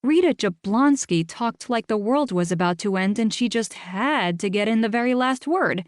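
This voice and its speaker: A woman's voice: medium pitch, moderate pace, dry recording. A woman narrating a first-person audiobook with a wry, dry-humored delivery.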